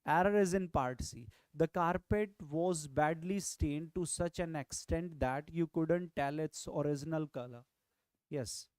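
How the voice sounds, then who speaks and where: A tutor with an Indian English accent works through a grammar lesson at an unhurried pace. Points are repeated and checked with "right?". The recording is dry, with almost no room sound. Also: medium pitch, a little mellow, clear, resonant tone, dry recording. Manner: repeats key phrases, explains step by step. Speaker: exam prep tutor.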